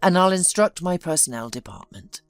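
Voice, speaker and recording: A woman's voice: on the low side, sing-song, normal speed, no echo, faint music behind. A woman voicing a tired, impatient businessman son who talks in a dismissive way. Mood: weary.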